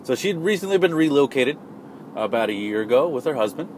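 A man's voice: medium pitch, animated, fairly quick, a little mellow, a little hiss or hum. A man telling a casual personal anecdote in a rambling, self-deprecating way, often restarting his sentences. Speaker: storyteller.

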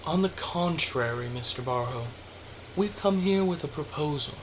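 Guy reading as a smooth-talking polite suit, soft and coaxing, lo-fi hiss. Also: on the high side, fairly quick. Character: soft-spoken polite male corporate agent, by-the-book. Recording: dull lo-fi with faint hiss.

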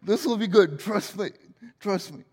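A man's voice: sits high, a little slow, darkish tone, slightly rough, big-room sound. A man in his forties preaching a sermon as pastor, playful and joking at his own expense. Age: 40s. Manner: playful, self-deprecating humor.

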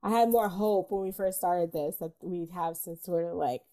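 A woman's voice: lowish voice, normal speed, mellow. A woman co-hosting a film podcast in casual chat, candid and worn out, swearing casually and laughing often. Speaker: podcast co-host.

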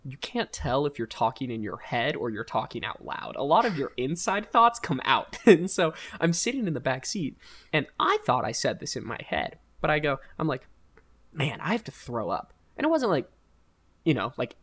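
A young man hosting a podcast, telling a college story in a casual, rambling, animated way with frequent laughter. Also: medium pitch, moderate pace. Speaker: podcast host.

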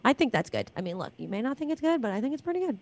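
A woman's voice: fairly high pitch, sing-song, very fast, gravelly. A woman co-hosting a live stream, chatting and teasing with a laugh. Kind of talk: casual chat.

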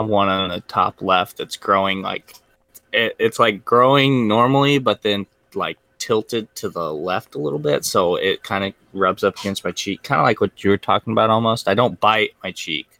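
A man on a podcast answering in a relaxed, plain-spoken way during a casual chat. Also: fairly low pitch, normal speed, vocal fry, no echo. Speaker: podcast co-host.

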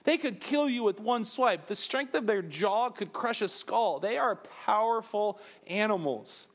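Casual: high-pitched guy preaching, lively and jokey, talks right to the crowd like they're buddies. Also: measured pace. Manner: animated, jokey asides to the crowd. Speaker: pastor. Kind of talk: sermon.

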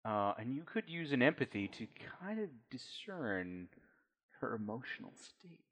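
A man's voice: mid-range voice, very animated, moderate pace, a bit bright. A man narrating as game master of a tabletop role-playing game, telling the scene in a loose, conversational way.

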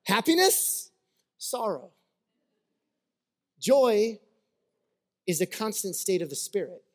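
A man's voice: sits high, very animated, slow. A man preaching a sermon in a conversational, storytelling way, acting out little scenes and checking in with his listeners. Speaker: pastor.

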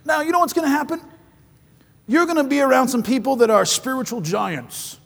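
A man delivers a sermon in a high, gravelly, husky voice that rings through a long-reverberating hall. He is animated, tells stories with loose restarts, and acts out the voices of the people in them. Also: a little fast. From foreign-born, living in southern China. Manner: animated, acts out quoted voices, shouts at peaks; rambling, with frequent restarts in anecdotes. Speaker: preacher.

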